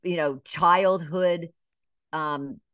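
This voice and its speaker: A middle-aged woman from Atlanta, a business coach, telling her story in a casual interview, with lively asides, many fillers and short bits acting out other voices. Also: lowish voice, extremely slow. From Atlanta, Georgia. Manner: animated storyteller, acts out quoted voices, many "you know" fillers. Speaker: business coach and podcast guest.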